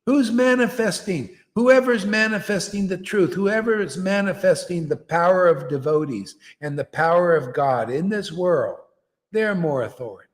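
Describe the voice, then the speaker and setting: A man's voice: high voice, animated, normal speed, big-room sound. A man preaching a fiery devotional sermon, emphatic and confrontational, challenging his listeners.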